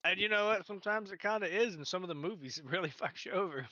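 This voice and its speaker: A man's voice: sits high, fast, sharp tone, highs cut off. A man co-hosting a podcast, casually recapping a movie with lots of laughter and profanity. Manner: laughing, profane, acting out quotes. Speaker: podcast co-host.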